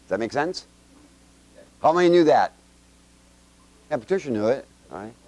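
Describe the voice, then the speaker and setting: In a loose, conversational way, a man teaches the Bible to a mixed room of adults and children. His middle-pitched, slightly mellow voice has lively intonation, and in a dry recording he quizzes listeners with rapid questions and jokes between homespun examples.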